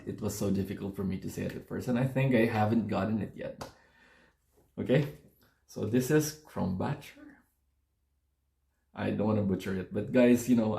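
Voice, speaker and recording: Casual vlogger, man, low, warm-toned voice, rambling and correcting himself. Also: vocal fry, roomy sound. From Philippines. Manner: chatty, rambling, self-correcting. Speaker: beer-tasting vlogger. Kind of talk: casual chat to camera. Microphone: phone camera.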